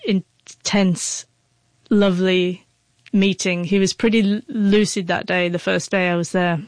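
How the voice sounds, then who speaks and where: A woman's voice: on the low side, level tone, a little slow, dry recording. A woman with a stutter, a guest telling an emotional personal story in an interview, her speech broken by repeated sounds. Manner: emotional, heartfelt. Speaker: guest, author.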